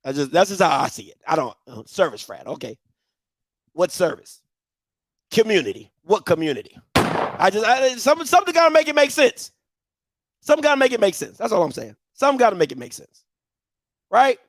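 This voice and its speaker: High-voiced man ranting and mocking. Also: big pitch swings. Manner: mocking, rapid-fire rhetorical questions, bursts of shouting. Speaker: show host. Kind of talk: heated commentary rant.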